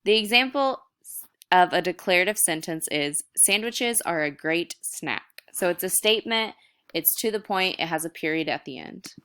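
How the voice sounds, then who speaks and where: A woman's voice: mid-range voice, lively intonation, moderate pace, bright, forceful tone, smooth. A young woman teacher recording a video lesson, explaining step by step in a casual way.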